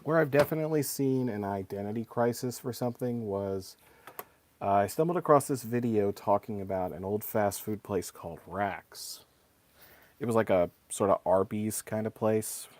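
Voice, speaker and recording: A man's voice: lowish voice, moderate pace, darkish tone, slight background noise. A man in his thirties chatting casually and rambling while he paints on a live stream. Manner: rambling and conversational, many fillers. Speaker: streamer and voice actor.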